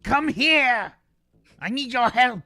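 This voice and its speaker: A man voicing a furious alien woman commander who shouts frantic orders. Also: very high-pitched, animated, slow pace, dry recording, clean studio sound, pitched above the performer's own voice, heavily acted. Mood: urgent.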